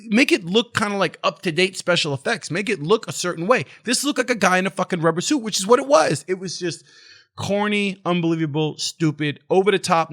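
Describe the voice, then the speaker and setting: A man's voice: high voice, a bit bright. A man hosting his own movie review channel, ranting casually in a blunt, profane and sarcastic way.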